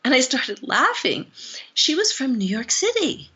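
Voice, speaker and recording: Older woman storyteller, slightly high, forceful tone, muffled audio; acts out quoted voices. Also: sing-song, a little slow. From Guam. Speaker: psychologist guest. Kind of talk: storytelling in a podcast interview.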